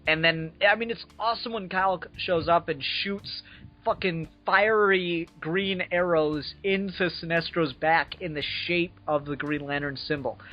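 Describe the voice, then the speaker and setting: A man's voice: fairly high pitch, steady tone, moderate pace, dull audio, faint music behind. A man in casual chat about a comic book, enthusiastic and swearing, often hedging. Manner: enthusiastic, swears, hedges with "I don't know". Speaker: co-host reviewing a comic book.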